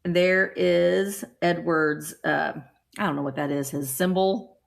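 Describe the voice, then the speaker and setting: A middle-aged woman hosting a casual live stream, chatting with viewers and getting excited over small cute items. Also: lowish voice, unhurried, vocal fry. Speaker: vintage reseller hosting a livestream.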